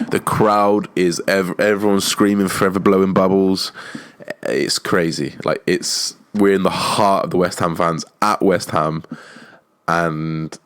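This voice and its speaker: A young man hosting a podcast, telling a story in a casual, animated way and swearing often. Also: low voice. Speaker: podcast host.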